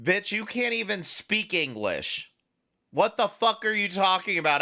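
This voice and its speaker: A man's voice: high voice, big pitch swings, a little slow, pushed and bright. A man hosting a reaction commentary, incredulous and sarcastic, with frequent swearing. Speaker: commentary host.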